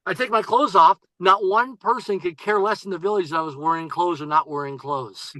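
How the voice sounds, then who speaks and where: A man speaking as a podcast guest and coach, telling stories emphatically and with high energy, often repeating key phrases. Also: brisk, bright, forceful tone, dry recording, rough recording. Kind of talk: energetic storytelling.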